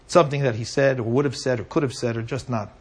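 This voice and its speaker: A man's voice: mid-range voice, steady tone, quick pace, slightly rough. A man teaching a Torah class to a live audience, talking conversationally and often checking in with asides like "right?".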